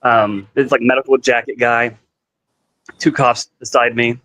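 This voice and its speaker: A man's voice: medium pitch, little pitch movement, a little slow, sharp tone, dry recording, poor audio. Rambling man telling a story, dry sound. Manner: rambling, heavy on "like" fillers, acts out quoted dialogue. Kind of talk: casual storytelling conversation.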